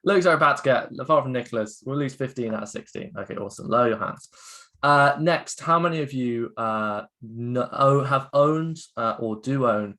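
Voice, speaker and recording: Man, mid-pitched, upbeat and chatty, lots of fillers, video call. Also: moderate pace, bright, forceful tone. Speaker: guest speaker, education co-founder. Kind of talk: interactive online talk.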